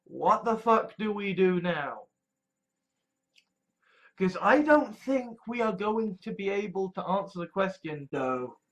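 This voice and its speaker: A man's voice: high-pitched, big pitch swings, takes it slowly, fairly bright tone. A man talking casually and profanely, asking exasperated rhetorical questions. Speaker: host. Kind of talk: casual ranting commentary.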